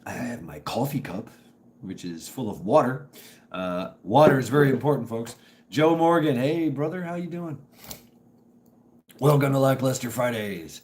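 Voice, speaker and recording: A middle-aged man hosts a casual live stream, his voice strained and hoarse. He rambles and stops and starts, greeting viewers by name at a medium pitch. A faint hiss sits under the recording. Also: animated, normal speed, darkish tone. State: strained voice from dusty work.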